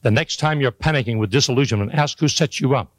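A man's voice: mid-range voice, quick pace, dry recording, low-quality recording. Folksy older man preaching motivation. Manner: folksy, joking, emphatic preaching delivery. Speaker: motivational speaker. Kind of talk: motivational speech to a live audience.

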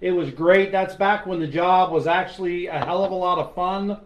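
A blunt, salty middle-aged man with a high voice hosts a casual chat about his days on the job. The sound is roomy and echoey. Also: normal speed, dull audio, a little hiss or hum. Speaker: podcast host, retired police officer. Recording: roomy echo.

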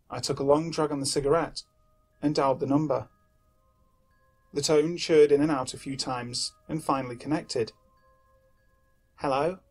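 A man reads a horror story in a measured, somber voice that is husky and pitched a little high. Faint music plays under his narration. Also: darkish tone.

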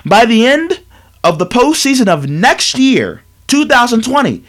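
High, animated male sports talk host. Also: measured pace. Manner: emphatic, repetitive, lecturing. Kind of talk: animated sports commentary monologue.

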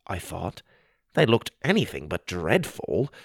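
A man reading a first-person adventure story aloud with a dramatic, expressive delivery. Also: low voice, a little slow, creaky, dry recording. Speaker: narrator.

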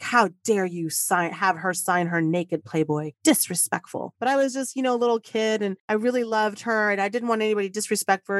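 A woman telling a personal story as a podcast guest, animated and emotional, laughing at times. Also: medium pitch, no echo, studio quality.

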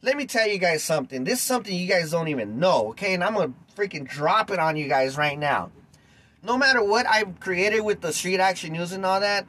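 A man's voice: high voice, sharp tone, poor audio. A man hosting a podcast, delivering a heated, blunt rant full of slang and speaking straight to his listeners. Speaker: podcast host. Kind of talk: ranting podcast monologue.

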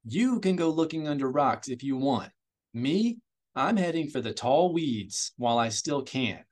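A man's voice: mid-range voice, lively intonation, unhurried, a little mellow. A man voicing a nervous, surly young male thief who growls his lines harshly and defensively.

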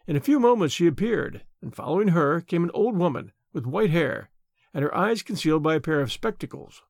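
Male podcast narrator, expressive, lively, fairly high pitch, dry close sound. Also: brisk, creaky, dry recording. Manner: expressive storytelling. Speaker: storyteller. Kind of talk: scripted audiobook narration.

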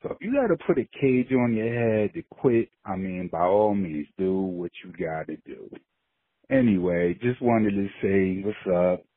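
A man's voice: low voice, lively intonation, a little slow, no room sound. A man from New Jersey leaving a friendly, laid-back voicemail, swearing casually. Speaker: caller. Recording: dry tinny phone line.

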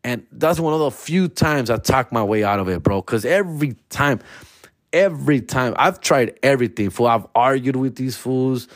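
A man telling comic stories in a loose, profane, slang-filled way, slipping into animated voices. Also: medium pitch, normal speed, dry recording, studio quality. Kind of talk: casual comedic storytelling.

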